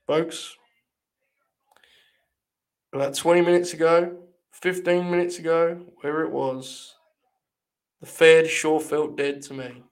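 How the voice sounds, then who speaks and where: A man's voice: fairly high pitch, fairly even intonation, takes it slowly, long pauses. A young man hosts a live watch-along, his slightly raised voice swinging between mock-solemn proclamations and loose, sweary rambling. He talks casually, as if chatting to regular viewers. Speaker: live-stream host.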